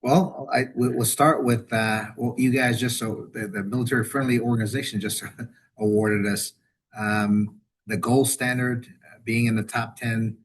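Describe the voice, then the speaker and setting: Husky-voiced man, rambling and restarting. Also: mid-range voice, normal speed. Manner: rambling, restarts and repeats words, animated when quoting. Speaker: university veterans director, webinar guest. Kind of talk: conversational webinar interview.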